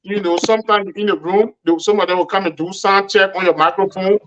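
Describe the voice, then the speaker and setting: A man's voice: high voice, fairly even intonation, fairly quick, a bit bright, muffled recording. A man on a radio talk show who questions the pastor animatedly and acts out quoted speech. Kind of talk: radio call-in discussion.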